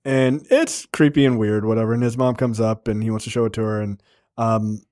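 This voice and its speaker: A man's voice: on the low side, fairly even intonation, brisk, darkish tone, no room sound, studio quality. A man co-hosting a casual movie review podcast, recapping scenes in a rambling, profane way with many filler ums. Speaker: podcast co-host.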